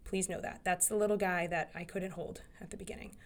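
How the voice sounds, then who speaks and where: Earnest woman podcaster in her thirties, somewhat low pitch, long rambling heartfelt monologue. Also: steady tone, fairly quick. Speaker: podcast host.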